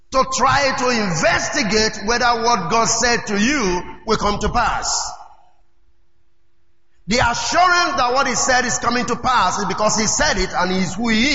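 A man preaching a sermon as pastor, emphatic and calling out to his congregation, now and then shouting key lines. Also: very high-pitched, slight background noise. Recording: roomy hall echo, dull lo-fi sound.

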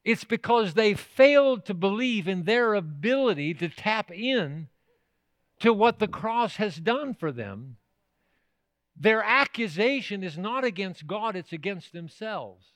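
High, bright-voiced preaching man. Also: lively intonation, unhurried, no echo. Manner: emphatic, with rhetorical questions to the congregation. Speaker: pastor. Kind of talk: sermon.

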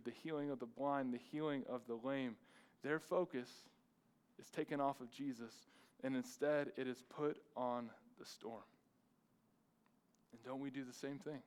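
A man's voice: medium pitch, clean tone, poor audio. A man, the lead pastor, preaching a sermon with emphatic repetition and rhetorical questions.

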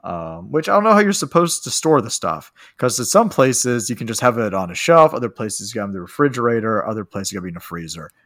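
A man's voice: mid-range voice, big pitch swings, fast, few pauses, a bit bright. Man, casual podcast co-host, rambling and giggly, mid-range voice. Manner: rambling, laughs often, acts out quotes. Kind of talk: casual chat recapping a film.

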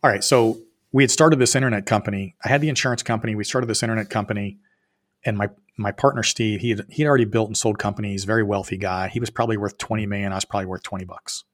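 A man in his fifties with a slightly low voice tells stories as a podcast guest. He talks in a lively, plain-spoken way, acting out both sides of conversations and dropping the odd curse word. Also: fast. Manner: animated storyteller who acts out both sides of quoted dialogue; swears casually, plain-spoken. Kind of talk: storytelling in a podcast interview.

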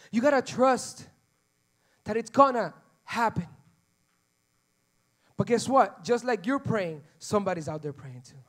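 Man, very high voice, preacher, lively sermon, acts out dialogues, repeats lines for punch. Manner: animated, acts out dialogue with God, repeats phrases for emphasis. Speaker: pastor.

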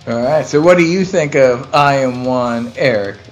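A man hosting a podcast, giving his opinion thoughtfully and haltingly, with frequent restarts. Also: mid-range voice, soft background music. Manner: thoughtful, hesitant, with many restarts. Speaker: podcast host leading the discussion. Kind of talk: casual podcast chat.

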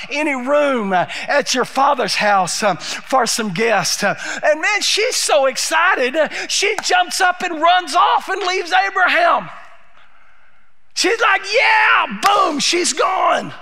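A male pastor, retelling a Bible story in an animated sermon, shouting in bursts and filling pauses with "uh". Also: extremely high pitch.

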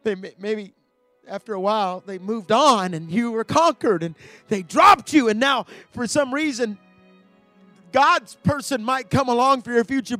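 A high-pitched male pastor delivers a storytelling sermon. He drops to a near hush, then climbs into shouts, repeating words as he builds momentum. Soft music plays faintly behind him. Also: normal speed, no room sound. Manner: storytelling, swings from hushed to shouting.

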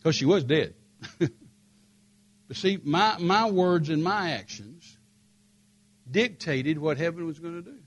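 An older man telling a story in a sermon, emphatic and rising to forceful peaks. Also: a little high, lively intonation, slow pace, long pauses, highs cut off. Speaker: preacher.

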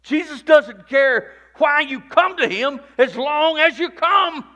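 A male pastor preaching a sermon in a repetitive cadence, rising to shouts and dropping to near-whispers. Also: very high-pitched, slow.

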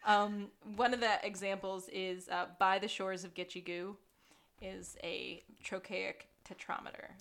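A woman's voice: mid-range voice, flat delivery, a little slow, creaky, fairly bright tone. A woman co-hosting a podcast, chatting casually about a TV episode, laughing often and adding playful asides. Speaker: podcast co-host. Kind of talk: casual recap chat.

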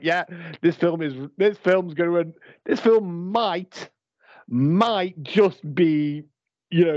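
Rambling British podcast host, fairly high. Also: male voice, dry recording, dull audio. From United Kingdom. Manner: rambling, stops and restarts often, playful. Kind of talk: casual chat, live movie watch-along.

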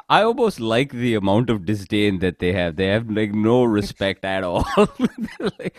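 A man with a very low voice tells stories in a loose, joking way, swearing and laughing a lot. The sound is dry and close, with no room around it. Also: sing-song, normal speed, few pauses, no echo. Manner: jokey, laughs often, swears. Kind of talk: casual chat.

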